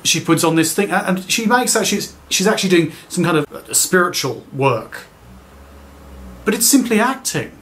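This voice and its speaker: A man's voice: high voice, animated, moderate pace, fairly bright tone, a little hiss or hum. A man giving sarcastic, dismissive commentary. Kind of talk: critical commentary.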